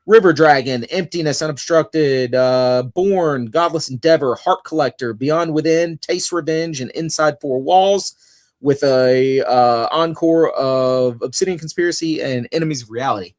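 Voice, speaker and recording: A man's voice: on the high side, no echo, studio quality. A man co-hosting a podcast, telling stories and reading out lists at an easy pace in casual chat. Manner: laid-back storyteller, reads lists slowly. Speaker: podcast co-host.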